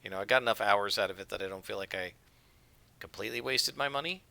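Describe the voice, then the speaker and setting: A man rambles casually over his gameplay, and his voice is strikingly bright and forceful. He sits a little low in pitch and talks on freely, full of fillers. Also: quick pace, vocal fry, no room sound. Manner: rambling, conversational, with frequent fillers. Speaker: let's play gamer. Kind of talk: casual game commentary.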